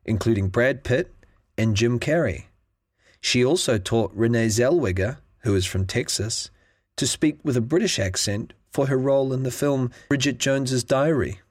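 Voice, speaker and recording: A man reading a scripted English listening lesson in a clear, measured way. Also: medium pitch, no room sound, studio quality. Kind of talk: scripted narration.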